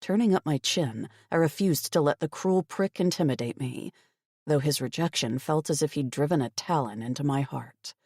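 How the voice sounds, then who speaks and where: Woman, first-person audiobook narration, wry and expressive, close mic, dead-dry room. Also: sits low, normal speed, husky, no room sound.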